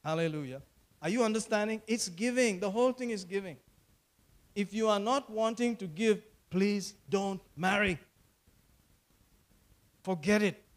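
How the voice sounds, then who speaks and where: A man's voice: high voice, unhurried, long pauses. A man, preaching a sermon as pastor, repeating phrases and calling for amens.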